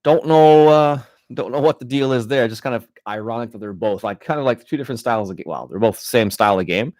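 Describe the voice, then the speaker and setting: A man hosting a casual live-stream chat, rambling and relaxed, with frequent restarts and fillers. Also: mid-range voice, fast talker, no echo, clean studio sound. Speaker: gaming channel host.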